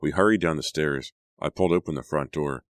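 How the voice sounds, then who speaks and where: A man narrating a teen thriller audiobook with steady, dramatic pacing. His voice sits very low, and the recording is dry and close with no room sound. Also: fairly quick, no room sound. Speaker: audiobook reader.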